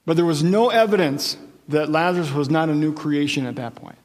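Animated male pastor in a reverberant hall. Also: on the high side, brisk. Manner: animated storytelling with asides and jokes. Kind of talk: sermon.

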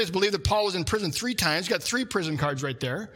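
A man preaching a sermon, animated, reading scripture aloud and talking through a card-game illustration. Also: high-pitched, fast. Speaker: pastor.

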